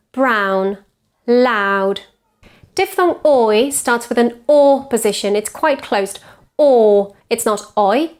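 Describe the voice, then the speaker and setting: A woman whose first language is Spanish teaches English pronunciation, modelling each vowel slowly and repeating sounds to contrast them. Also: fairly high pitch. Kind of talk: pronunciation lesson.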